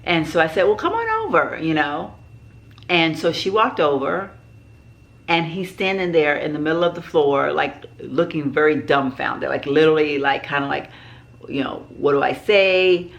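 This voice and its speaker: A woman's voice: low voice, steady tone, normal speed, creaky, highs cut off. A middle-aged woman vlogger telling a personal story in a rambling way, with many fillers and restarts.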